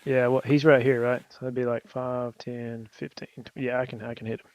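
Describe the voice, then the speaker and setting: A man's voice: mid-range voice, flat delivery, brisk, a little mellow, poor audio. A man playing a tabletop game over voice chat, talking brashly and swearing freely. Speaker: player.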